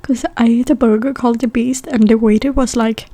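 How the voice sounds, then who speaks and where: A woman's voice: a little high, fairly even intonation, fairly quick, dark tone. A young woman from Sweden telling chatty stories in a whispered role-play mukbang, with a stuffy nose. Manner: chatty whispered storytelling between bites. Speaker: mukbang ASMR creator.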